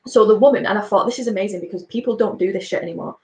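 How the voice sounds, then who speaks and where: A woman's voice: mid-range voice, very fast, mellow, roomy sound, rough recording. A woman chatting casually, rambling and stacking up fillers as she tells a story. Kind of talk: casual chat.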